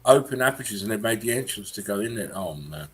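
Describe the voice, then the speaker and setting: A man hosting a casual live-stream chat, often bursting into high laughter. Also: animated, fast talker, a bit bright, husky. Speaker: channel host.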